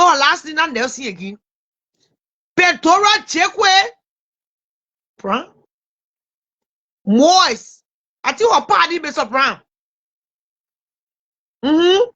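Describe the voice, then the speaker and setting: A woman hosts a casual livestream in a very high, sharp, bright voice. She talks animatedly to her viewers, repeating herself and stumbling over names as she goes. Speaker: livestream host.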